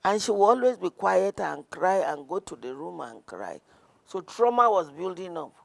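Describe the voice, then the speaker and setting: A woman guest speaks earnestly about her clinic work, her voice carrying a gravelly texture. She tells stories at a measured pace, often restarting a sentence as she goes. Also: lowish voice, sing-song. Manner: earnest, storytelling, with frequent restarts. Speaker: guest counsellor. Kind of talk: conversational interview.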